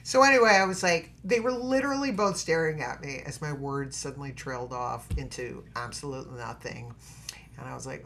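A middle-aged actress telling a story as a podcast guest. She is expressive and dramatic, and acts out every quote. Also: rumbling low, fairly quick, slight background noise. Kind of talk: animated storytelling in a podcast interview.

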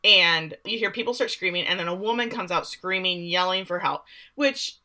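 Animated bright-voiced woman podcaster. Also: on the low side, moderate pace. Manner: animated, laughs often, acts out characters' lines. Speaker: podcast co-host recapping a show. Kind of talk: casual chat.

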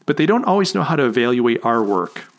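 A man's voice: medium pitch, very animated, fast, gravelly. A man hosting a podcast interview, chatty and friendly in tone, laughing at his own jokes. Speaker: podcast host. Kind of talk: casual interview chat.

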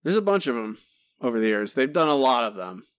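A man hosting a podcast, reading listener answers aloud in a relaxed, chatty way with some self-corrections. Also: mid-range voice, brisk, no echo, clean studio sound. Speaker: podcast host.

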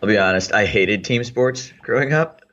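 A man's voice: lowish voice, normal speed, a bit bright, lo-fi sound. A man in his thirties from Texas, a guest in a casual interview, reflecting aloud with many fillers and restarts. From Texas, United States.

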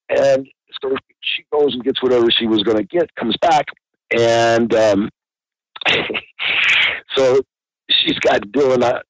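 A man's voice: medium pitch, slow pace, pauses often, dry recording, lo-fi sound. A man, a podcast guest, telling a rambling anecdote and laughing often.

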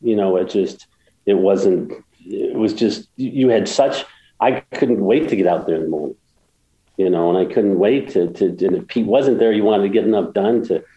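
A man's voice: lowish voice, moderate pace, mellow, reverberant, muffled recording. A man guest telling a story in a casual interview, rambling with many restarts and getting emotional. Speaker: guest, golf course builder.

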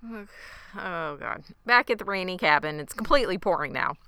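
A woman's voice: on the low side, lively intonation, a little fast, pushed and bright, smooth, no room sound. A woman co-hosting a podcast, recapping a TV episode in a wry, mocking way, close to the mic. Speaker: podcast co-host. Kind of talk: casual TV recap chat.

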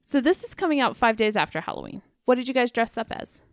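Giggly woman with a lively voice. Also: fairly high pitch, quick pace, no room sound, clean studio sound. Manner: giggly, bubbly. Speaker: podcast co-host. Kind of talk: casual chat.

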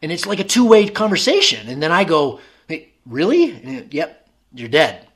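A man's voice: sits high, huge pitch swings, moderate pace, a bit bright, slightly rough. A man telling a long personal story in casual conversation, rambling with many fillers and restarts.

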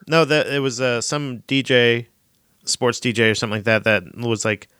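A man's voice: medium pitch, normal speed, pushed and bright, smooth, dry recording, studio quality. A man co-hosting a podcast, rambling and joking in casual chat. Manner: rambling, joking, laughs often. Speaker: podcast co-host.

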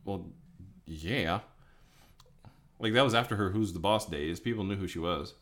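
A man in his forties co-hosting a podcast in casual comedic chat, quick and wry. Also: low voice, fairly bright tone. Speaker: podcast co-host.

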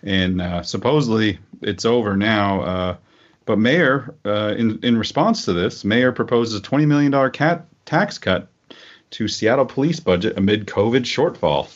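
A man with a fairly low voice chats through a political podcast segment. He rambles and circles back with many fillers. The audio is dull and lo-fi. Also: normal speed. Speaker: podcast co-host. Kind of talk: casual political podcast chat.

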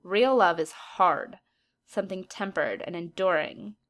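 A woman's voice: on the low side, measured pace, a bit bright. A woman voicing a cruel, condescending teenage girl in a storybook reading, sneering as she talks.

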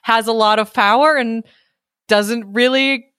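A woman's voice: fairly high pitch, fairly even intonation, a little slow, fairly bright tone, no room sound, studio quality. A woman podcast co-host chatting casually, jokey and irreverent, with some swearing. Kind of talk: casual chat.

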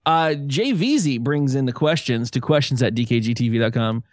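A man in an ordinary middle-pitched voice hosts a casual podcast, reading listener questions aloud. He jokes wryly and swears freely between the emails. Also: animated, moderate pace, dry recording, clean studio sound. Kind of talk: casual chat.

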